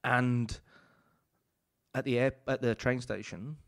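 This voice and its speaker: A man's voice: mid-range voice, steady tone, slow. A man, a chef and author, telling long rambling stories in a casual podcast chat, full of "like" and swearing.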